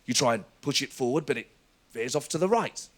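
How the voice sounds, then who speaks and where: A man impersonating a smug male politician who speaks with self-important pauses. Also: medium pitch, expressive, voice pushed down, natural voice. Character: smug male politician telling a weak joke.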